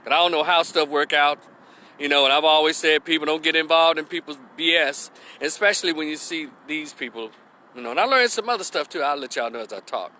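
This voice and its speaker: A man's voice: a little high, a little fast. Rambling, cussing vlogger man. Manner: rambling, profane, animated retelling. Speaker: YouTube creator. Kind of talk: storytime vlog.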